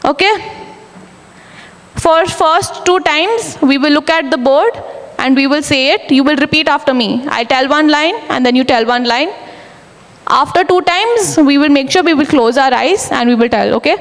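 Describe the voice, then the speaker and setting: A woman's voice: high voice, moderate pace. A young woman running a motivational school workshop, commanding the group and telling them to repeat after her. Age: young adult. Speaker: workshop facilitator. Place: large school hall indoors. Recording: echoey hall with students around. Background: a room of students.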